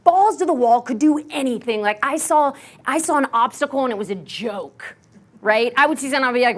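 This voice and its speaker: A young woman from Texas speaks in a slightly raised voice, sharing a personal story as a keynote speaker. She is animated and self-mocking and scatters "like" everywhere. She slips into the voices of the people she quotes. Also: high-pitched, a little fast. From Texas, USA. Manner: animated, heavy use of "like", acts out quoted voices.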